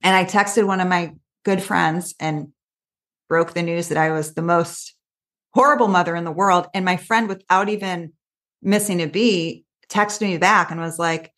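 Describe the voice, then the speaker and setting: A woman coach talks in a casual interview, her voice sitting a little low. She tells stories in an animated, quick way, full of asides. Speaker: coach, podcast guest.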